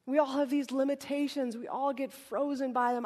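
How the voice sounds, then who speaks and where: Woman preacher, high voice, chatty and humorous delivery, echoing worship hall. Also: steady tone, moderate pace, a little mellow. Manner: conversational and humorous, acts out dialogues. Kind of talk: sermon. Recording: reverberant hall.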